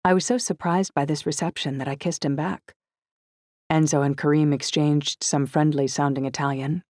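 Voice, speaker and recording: A woman's voice: low-pitched, steady tone, normal speed, darkish tone, no room sound. Woman narrating an audiobook, dry and close. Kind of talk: first-person scripted narration.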